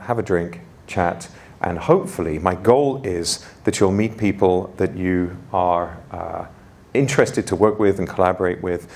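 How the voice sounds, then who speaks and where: A man's voice: low voice, gravelly, darkish tone. A man from gives a conference opening keynote in an informal, self-deprecating way with frequent fillers. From London. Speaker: conference host and keynote speaker.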